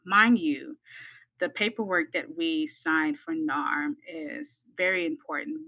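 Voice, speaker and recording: A woman's voice: low voice, rough recording. A midwifery student, a woman from the United States, telling a personal story in a podcast and acting out the voices of the people in it. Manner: animated, acts out quoted voices.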